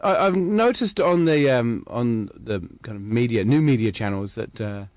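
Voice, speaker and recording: A man's voice: mid-range voice, expressive, moderate pace, darkish tone, no room sound. A man talking casually about wine on the radio, hesitant with many fillers and restarts. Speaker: wine commentator. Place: radio studio. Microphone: studio mic.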